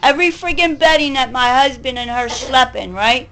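A woman's voice: sits high, normal speed, a bit bright, soft background music, low-quality recording. A woman in her forties venting in an angry, rambling, profane monologue. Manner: furious, profane, rambling rant. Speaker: vlogger.

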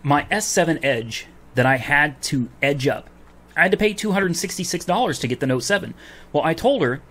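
A man's voice: fairly high pitch, animated, moderate pace, fairly bright tone. A man venting to camera about a phone refund, heated and swearing as he retells his argument with a store clerk. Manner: heated, swears, recounts dialogue. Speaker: vlogger. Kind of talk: angry customer rant to camera.

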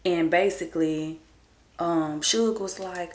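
Slow, rambling woman in her thirties. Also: lowish voice. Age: 30s. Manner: rambling, chatty, drifts into hushed asides. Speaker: vlogger. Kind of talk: casual chat to camera. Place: at home getting ready. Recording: roomy echo.

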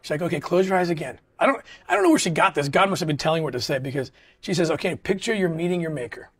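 A man's voice: a little high, very animated, slightly rough. A middle-aged man talking earnestly in a casual interview, often restarting his sentences. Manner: earnest, halting, with many restarts. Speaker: interview guest. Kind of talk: casual conversation.

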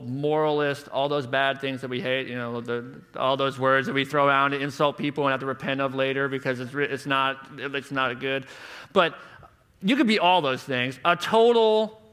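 High, bright-voiced passionate preacher. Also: male voice. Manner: passionate, rhetorical, shifting from hushed to emphatic. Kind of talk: conference sermon.

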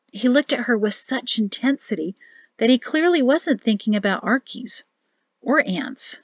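A woman's voice: a little high, lively intonation, a little slow, no echo, muffled recording. Woman reading a novel aloud. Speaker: audiobook narrator. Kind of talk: scripted narration.

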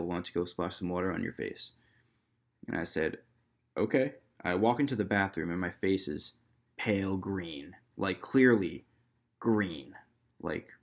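Young dude with a really low voice rambling through a story, lots of likes and ums. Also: male voice. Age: young adult. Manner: loose and rambling, heavy on fillers and quoted dialogue. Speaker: vlogger. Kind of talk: casual storytelling to camera.

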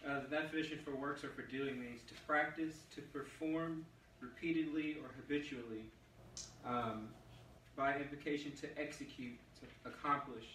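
A man's voice: mid-range voice, steady tone, normal speed, a bit bright, recorded from a distance, a little hiss or hum. A man in the congregation reading a word definition aloud, hesitant, with fillers along the way. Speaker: congregation member. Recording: echoey room, off-mic.

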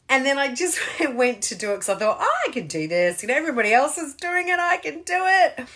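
A middle-aged woman chatting casually to camera, self-mocking and laughing often. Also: medium pitch. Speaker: vlogger. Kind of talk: casual daily video chat.

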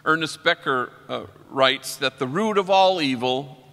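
A middle-aged man, a priest, telling wry stories in a religious talk and slowing down for his punchlines. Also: medium pitch, pushed and bright. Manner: wry, anecdotal, slows down for punchlines. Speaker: priest giving a keynote talk. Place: large convention hall. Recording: long reverb of a large hall.

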